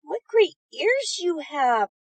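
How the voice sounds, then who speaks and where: A woman voicing an innocent little girl in a high, slow, wondering voice. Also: sing-song, dry recording, full character voice.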